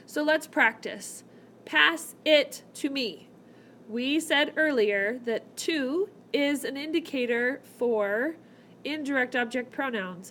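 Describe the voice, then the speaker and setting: A woman's voice: a little high, fairly bright tone, slight background noise. A woman teaching a recorded whiteboard lesson, explaining grammar step by step with playful asides. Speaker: Spanish teacher. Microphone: tablet microphone.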